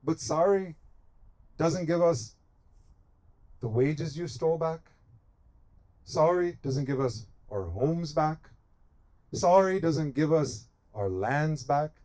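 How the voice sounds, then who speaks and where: A man from the United States, an activist at a protest encampment, delivers an impassioned speech, stacking emphatic, repeated phrases in a rhetorical cadence. His voice is a little high and dark in tone, animated yet slow, with frequent pauses.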